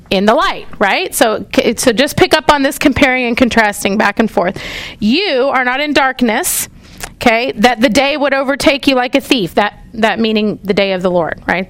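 A woman's voice: high voice, a bit bright. A woman teaching a Bible study class, checking in with the group often and stopping to find her place in her notes. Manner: checks in often with "okay?" and "all right?"; stops to correct herself and find her place. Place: classroom with a whiteboard.

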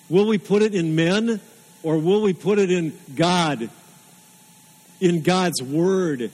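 Guy preaching a sermon, earnest n emphatic, repeats lines, kinda high voice. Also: darkish tone, low-quality recording. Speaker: pastor.

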